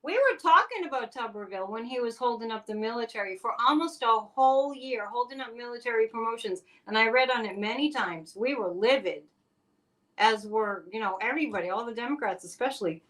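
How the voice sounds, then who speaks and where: A woman's voice: on the high side, animated, fast talker, few pauses, fairly bright tone. A woman hosting a live stream, giving casual political commentary in a chatty, exclamatory way with sarcastic asides. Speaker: psychic live-stream host.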